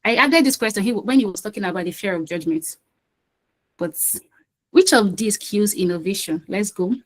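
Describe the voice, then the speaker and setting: A woman's voice: mid-range voice, rough recording. Chatty woman hosting an online quiz. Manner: chatty, coaxing, repeats phrases. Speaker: quiz host and session facilitator. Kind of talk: casual online quiz session.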